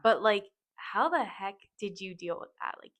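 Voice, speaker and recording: Bright-voiced young woman hosting a podcast. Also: medium pitch, expressive, normal speed. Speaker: podcast host. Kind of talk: casual chat.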